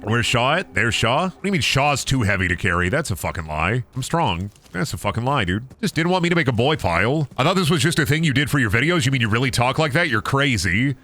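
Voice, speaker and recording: A man's voice: mid-range voice, sing-song, quick pace, hardly any pauses, a bit bright. A young man giving casual, goofy and profane commentary while streaming a video game. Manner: goofy, profane, playful voice swings.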